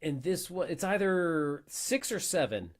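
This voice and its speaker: A man's voice: a little high, big pitch swings, measured pace, over music. An American man co-hosting a show review podcast, easygoing and swearing casually while reading out chat questions. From United States.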